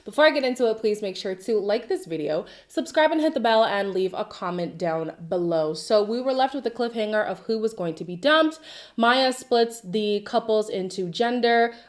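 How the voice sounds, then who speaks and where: A woman's voice: medium pitch, lively intonation, moderate pace. A woman hosting a casual reality TV recap, chatty and sassy, talking straight at the people she reviews and ending her points with a pointed "okay?".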